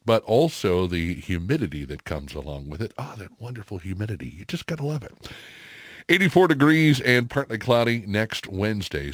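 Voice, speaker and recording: A man's voice: sits low, dry recording, clean studio sound. A middle-aged man hosting a morning radio show, chatting casually with lots of fillers. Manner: chatty, folksy, many fillers. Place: radio studio.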